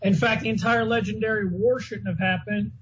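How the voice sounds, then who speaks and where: A man with a high voice chimes in during casual podcast chat, jumping in quickly to add points. The audio is dull and lo-fi, with faint noise underneath. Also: steady tone.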